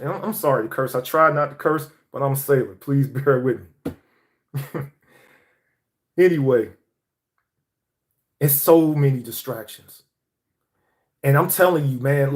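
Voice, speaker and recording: A young man from Atlanta, delivering a heated, profane motivational monologue. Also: medium pitch.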